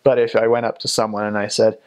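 A man's voice: lowish voice, flat delivery, fast talker, clean tone. A young man and former missionary in casual interview talk, chatty, with frequent ums and restarts.

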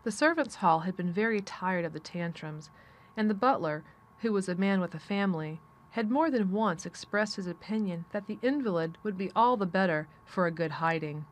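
A woman reading a classic novel aloud as an audiobook narrator, with steady, measured storytelling. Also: lowish voice. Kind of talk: scripted narration.

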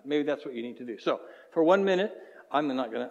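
A man's voice: mid-range voice, expressive, quick pace, vocal fry, a little mellow, lo-fi sound. A man preaching as a pastor in a conversational way, then leading a closing prayer. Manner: conversational, acts out everyday voices. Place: church hall. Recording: reverberant church hall.

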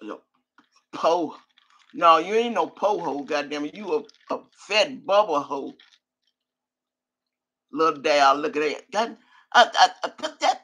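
A woman's voice: mid-range voice, expressive, measured pace, fairly bright tone, slightly rough. An older woman on a live stream, cursing and trash-talking while she reads out viewer names. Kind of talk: profane live-stream rant.

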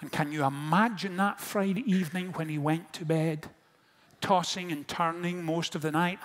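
A fairly high-voiced man preaching a storytelling sermon. He drops to near-quiet lines, then rises to stirring, impassioned questions. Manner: storytelling, swings from hushed to impassioned. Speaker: pastor.

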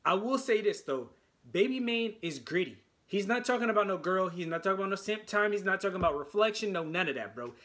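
A man from the United States giving casual music reaction commentary, talking excitedly and stumbling over his words. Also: sits high, fast.

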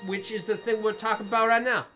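A man's voice: high voice, little pitch movement, fast talker, pushed and bright, faint music behind. A man giving casual, mock-formal commentary while playing a video game. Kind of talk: casual let's play banter.

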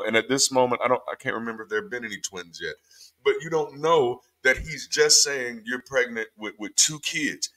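A man, a former pastor, talking casually through scripture with an animated, irreverent manner and frequent repeated-word restarts. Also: medium pitch. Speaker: former pastor leading a Bible study. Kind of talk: casual spoken commentary on scripture readings.

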